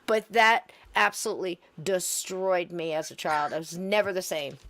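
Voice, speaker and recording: A woman's voice: on the low side, moderate pace, a bit bright. A woman co-hosting a podcast, chatting casually and animatedly about paranormal video clips, often laughing. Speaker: podcast co-host.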